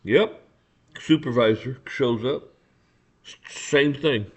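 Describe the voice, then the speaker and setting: A man's voice: mid-range voice, takes it slowly, slightly rough. A man hosting a casual ranting monologue, blunt and profane, stammering through restarts and acting out his run-ins with officials. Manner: acts out dialogue with officials. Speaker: podcast host.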